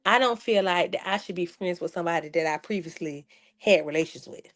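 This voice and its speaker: A woman's voice: on the low side, a little fast. Chatty sarcastic young woman vlogger. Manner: chatty, sarcastic, addresses viewers as y'all. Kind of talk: casual chat to viewers.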